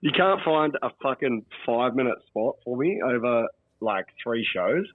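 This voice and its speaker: A man's voice: mid-range voice, animated, moderate pace, no room sound. An Australian man calling in to a podcast from a holiday abroad, chatting laid-back and swearing often. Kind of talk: casual podcast chat. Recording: dull lo-fi call line.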